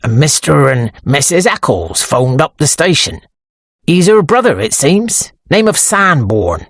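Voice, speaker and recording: A woman doing a stolid husky police sergeant. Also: sits low, very animated, measured pace, no echo, studio quality, heavily acted. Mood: steady. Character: stolid middle-aged male police sergeant. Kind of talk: audiobook character reading.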